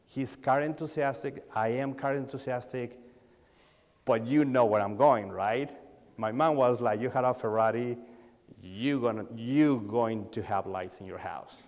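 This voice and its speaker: Mexican-accented man telling stories in a hall. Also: mid-range voice. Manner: animated storyteller, acts out dialogue, non-native grammar. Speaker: sales coach speaking at a dealer conference. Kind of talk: conference talk, storytelling. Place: large conference hall. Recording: long reverb of a large hall.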